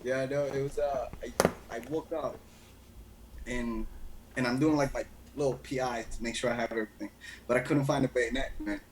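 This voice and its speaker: A man's voice: medium pitch, normal speed, slight background noise, low-quality recording. A man who served as a Navy corpsman, a guest on a podcast, telling stories with lots of laughter. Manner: animated storyteller, laughs often. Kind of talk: casual podcast chat.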